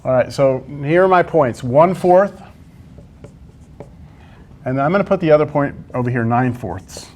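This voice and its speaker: A man's voice: mid-range voice, expressive, a little slow, long pauses, darkish tone. A male math teacher, teaching a class in a classroom and quizzing his students as he works through problems. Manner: coaxing, quizzes students with frequent "right?". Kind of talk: classroom lecture.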